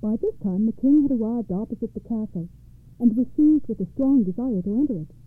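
A woman narrating fairy tales for a radio program in a measured, expressive storytelling manner. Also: a little high, dry recording. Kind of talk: fairy tale read-aloud narration. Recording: tinny phone-like radio sound.

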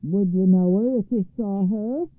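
A woman voicing an angry, demanding male troll who speaks loudly and slowly, in a radio storytelling broadcast. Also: mid-range voice, no echo, natural voice. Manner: loud, slow and threatening. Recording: slightly muffled radio broadcast.

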